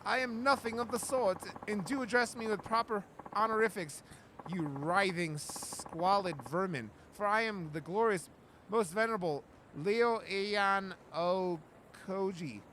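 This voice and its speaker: A man's voice: high-pitched, unhurried, noisy background. A man voicing a pompous, haughty male self-styled nobleman in his thirties who talks in flowery insults while reading a game aloud.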